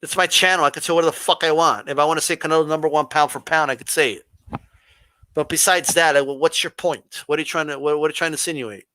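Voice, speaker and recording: A man hosting a boxing livestream speaks at a quick pace in a voice on the high side, with a dry recording. He takes on the live chat confrontationally through pointed rhetorical questions and mocks a flat monotone voice.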